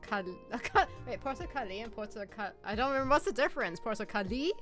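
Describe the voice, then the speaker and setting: A woman's voice: a little high, expressive, a little fast, fairly bright tone, faint music behind. Playful questioning woman on a stream. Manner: playful, questioning, laughs often. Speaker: co-host of game dev stream. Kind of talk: casual chat.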